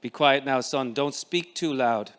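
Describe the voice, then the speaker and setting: A man voicing a terse, protective Irish father who speaks low and quietly in short clipped phrases. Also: a little slow, clean tone, natural voice. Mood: hushing.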